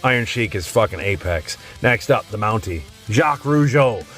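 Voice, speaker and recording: A man's voice: fairly low pitch, animated, normal speed, fairly bright tone, soft background music. Blunt, swearing man ranking wrestlers. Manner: blunt, rambling, swears constantly. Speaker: tier list host. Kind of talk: casual profane commentary.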